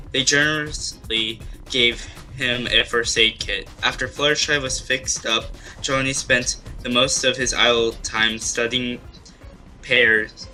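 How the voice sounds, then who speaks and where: Slow, bright-voiced man reading aloud. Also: medium pitch, rough recording. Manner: halting reading with restarts. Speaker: role-play player. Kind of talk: reading his written post aloud.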